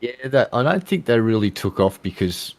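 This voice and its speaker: A man's voice: medium pitch, very animated, moderate pace, darkish tone. An Australian man bantering with friends on a stream while drinking, swearing freely and joking. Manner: crude, swears a lot, jokey.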